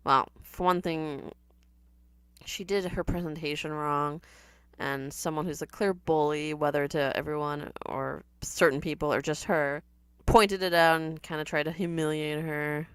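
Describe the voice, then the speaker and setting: Low smooth woman reacting to a show, dry snarky chatter, dead dry room. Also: steady tone, unhurried, dry recording. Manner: sardonic, chatty, laughs often. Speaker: reaction commentator. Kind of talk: casual reaction commentary.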